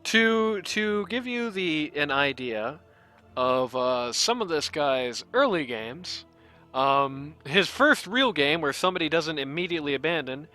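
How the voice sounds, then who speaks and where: Bright-voiced playful stream host. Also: male voice, a little high, sing-song, a little slow, soft background music. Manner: playful, reads stats aloud. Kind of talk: casual post-game talk.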